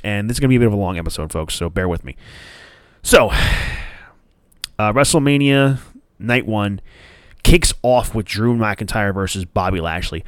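A man's voice: mid-range voice, no room sound, clean studio sound. A man hosting a podcast, ranting in a casual, profane, rambling way. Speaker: podcast host.

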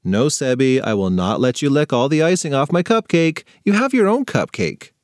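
A man's voice: mid-range voice, very animated, moderate pace, no room sound, clean studio sound, lightly acted. A man voicing an exasperated young girl, the bossy older sister in a storybook for kids. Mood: patient.

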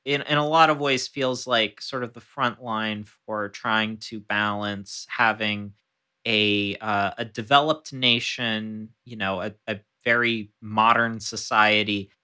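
Bright-voiced male podcast host. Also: lowish voice, fairly even intonation, smooth. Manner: measured when reading, loose with fillers when chatting. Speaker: podcast co-host and tour guide. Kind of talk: casual chat and reading aloud from a historical account.

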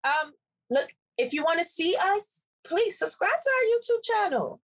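A woman co-hosting a podcast, chatting casually and playfully, laughing often and drawing some words out slowly. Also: very high voice, sing-song, poor audio. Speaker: podcast co-host. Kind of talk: casual chat.

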